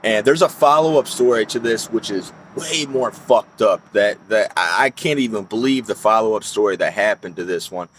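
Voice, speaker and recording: A man's voice: fairly low pitch, normal speed, few pauses, a bit bright, a little hiss or hum. A young man telling a personal story in a casual, rambling way, swearing often and restarting his sentences. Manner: rambling, profane, frequent fillers and restarts.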